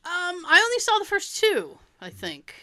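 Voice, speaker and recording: A woman co-hosting a casual movie chat, animated, laughing often and swearing casually. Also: very high-pitched, normal speed. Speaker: podcast co-host.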